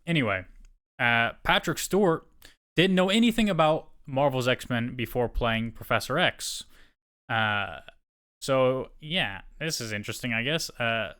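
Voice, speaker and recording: A man's voice: mid-range voice, fairly bright tone, clear, resonant tone. A man co-hosting a podcast, reading news items aloud and adding rambling asides in casual chat. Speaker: podcast co-host.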